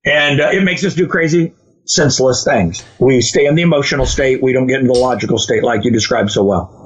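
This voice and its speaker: A man's voice: mid-range voice, fairly quick. A man co-hosting a casual podcast, telling stories and quoting people as he goes. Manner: storytelling, quotes others in animated voices. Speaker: podcast co-host. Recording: dull lo-fi sound.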